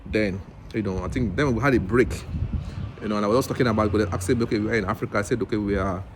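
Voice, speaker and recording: A Nigerian man, an English teacher who vlogs, tells a story in a casual video with a fairly low voice and rapid-fire delivery over a noisy background. He's animated, acting out the other people's lines and often restarting his rambling sentences.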